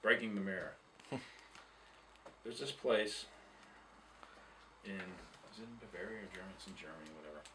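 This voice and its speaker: A man's voice: low-pitched, unhurried, long pauses, distant mic, noisy background. A man telling a long, rambling, profane tour story in casual chat, laughing at himself as he goes. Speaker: guest musician telling tour stories.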